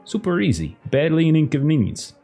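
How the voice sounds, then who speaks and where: A man's voice: on the high side, wildly swooping pitch, brisk, mellow, faint music behind, pitched above the performer's own voice, full character voice. A man voicing a blunt, menacing male mobster boss who talks crudely and bullies the people around him. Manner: brash, crude, bullying.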